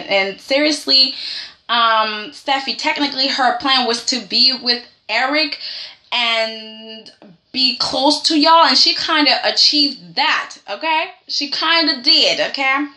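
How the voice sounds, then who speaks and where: A chatty woman with a high, bright voice recaps a soap opera for her vlog, leaning on "okay" and "like". She talks at an unhurried pace in an echoey room. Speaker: soap opera review vlogger.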